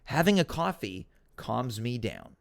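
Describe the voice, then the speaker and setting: A man hosting a casual solo livestream Q&A from home, talking in an animated, rambling, self-deprecating way. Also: mid-range voice, measured pace, gravelly. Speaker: talk show host.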